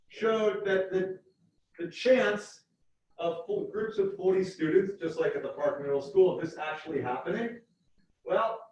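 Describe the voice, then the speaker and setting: A man's voice: sits high, darkish tone. Lecturing man in an echoey hall. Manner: explanatory, repeats key points slowly. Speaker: university lecturer. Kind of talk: classroom lecture. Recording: echoey hall from far off, dull.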